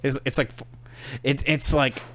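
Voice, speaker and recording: A young man talks through his racing game career on a live stream, chatting to viewers in a loose, rambling way. He turns sarcastic and exasperated at repetitive messages, full of fillers and restarts. His voice sits at an ordinary middle pitch. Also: steady tone, unhurried, a bit bright, a little hiss or hum. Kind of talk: casual gameplay commentary.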